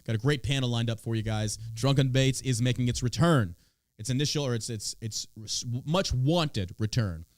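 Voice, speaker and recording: A man's voice: medium pitch, normal speed, dry recording. A man from Texas hosting a podcast, ranting about politics in a mocking, profane way and swearing freely. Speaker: podcast host.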